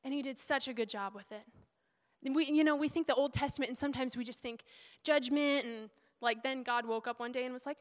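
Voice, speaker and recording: Chatty high-voiced woman preaching. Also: fast. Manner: emotional, chatty, laughing preacher. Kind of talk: sermon. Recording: long hall reverb.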